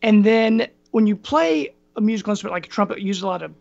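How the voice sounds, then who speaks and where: Gruff, raspy-voiced man rambling. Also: sits high, fairly even intonation, quick pace, a little mellow, no echo, highs cut off. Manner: rambling, tangents with many ums. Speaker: podcast guest. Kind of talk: casual chat.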